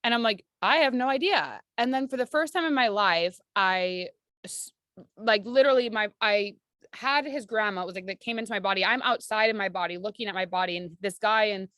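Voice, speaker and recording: A woman's voice: medium pitch, fairly quick, fairly bright tone, dry recording, clean studio sound. A woman who is a spiritual coach, telling personal stories in a chatty, rambling, sincere way. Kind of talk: casual personal storytelling to an audience.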